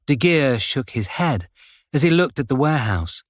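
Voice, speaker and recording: A man narrating a crime thriller audiobook in a measured, steady way. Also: mid-range voice, no room sound, clean studio sound. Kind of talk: scripted narration.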